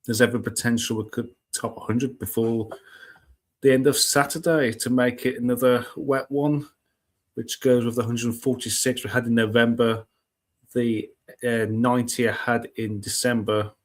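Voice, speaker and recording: Male stream host, mid-pitched, casual and self-deprecating, chatting from a home setup. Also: level tone, normal speed. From United Kingdom. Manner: chatty, self-mocking, greets viewers one by one. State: just over a cold. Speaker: host of a weather live stream. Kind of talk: casual live-stream chat. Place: home room with cats and laptop. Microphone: laptop live stream.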